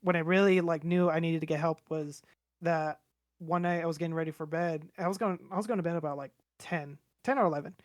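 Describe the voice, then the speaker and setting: A man's voice: a little high, fairly even intonation, brisk, no room sound, studio quality. A man in his twenties chatting casually on a podcast, rambling and candid, swearing freely as he talks. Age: 20s. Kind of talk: casual chat.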